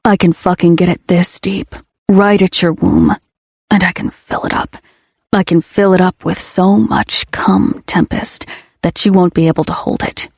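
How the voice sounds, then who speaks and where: A woman voicing a brooding, possessive young man in a romance audiobook, his voice hoarse, low and growly, blunt and commanding. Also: steady tone, unhurried, darkish tone, no echo, clean studio sound, heavily acted.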